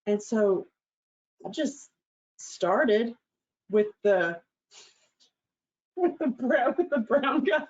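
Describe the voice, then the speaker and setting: A woman's voice: fairly high pitch, takes it slowly, long pauses. A woman hosting her show, telling a candid personal story in a bubbly, crude, laughing way. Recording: slightly dull lo-fi recording.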